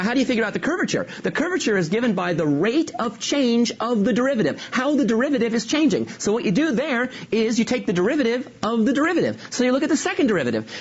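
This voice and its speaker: Brief: upbeat math teacher racing through a review, breathy edge. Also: medium pitch. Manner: enthusiastic, upbeat explaining. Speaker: calculus teacher. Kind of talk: rapid course review lecture.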